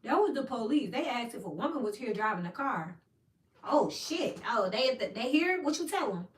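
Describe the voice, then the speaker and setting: A woman giving a casual tarot reading, animated and swearing, acting out little scenes as she talks. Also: a little high, normal speed. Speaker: tarot reader. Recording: echoey room, mic at a distance, noisy.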